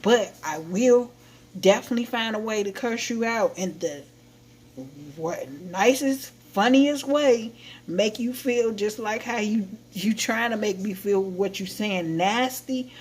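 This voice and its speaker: Woman livestreamer, mid-pitched voice, loose animated storytelling, casual chat. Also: measured pace, slightly rough. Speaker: livestream host.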